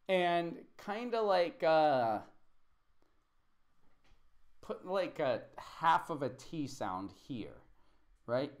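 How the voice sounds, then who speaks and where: Guy teaching english on a livestream, slow and patient, kinda high voice, goes over words again and again. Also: animated. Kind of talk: live-streamed language lesson, correcting student writing.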